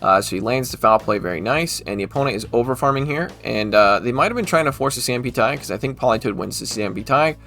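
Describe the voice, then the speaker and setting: A man hosting a gaming channel, casually commenting on online battles with chatty asides and quick self-corrections. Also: mid-range voice, lively intonation, gravelly, fairly bright tone, faint music behind.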